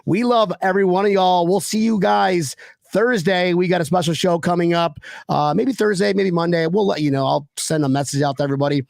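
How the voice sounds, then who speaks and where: A man's voice: sits high, brisk, gravelly, dry recording. A man hosting a podcast, signing off in a loose, joking, slangy way. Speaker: podcast host. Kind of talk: casual show sign-off.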